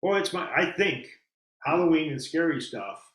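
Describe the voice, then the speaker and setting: Enthusiastic man with a bright voice. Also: a little high, moderate pace, reverberant. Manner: enthusiastic, animated storytelling. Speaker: haunted attraction owner, guest. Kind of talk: casual interview chat.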